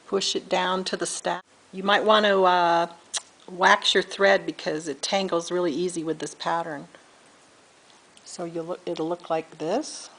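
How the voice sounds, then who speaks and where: A woman's voice: on the low side, little pitch movement, unhurried, fairly bright tone, low-quality recording. A middle-aged woman giving a patient step-by-step beading tutorial, counting beads aloud and correcting herself as she goes. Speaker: beading instructor.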